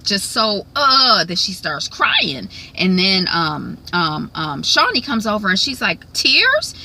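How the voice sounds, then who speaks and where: A woman's voice: on the low side, gravelly, sharp tone, slight background noise, rough recording. A woman casually recapping a reality TV episode, chatty with lots of ums and frequent laughs. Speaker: recap vlogger.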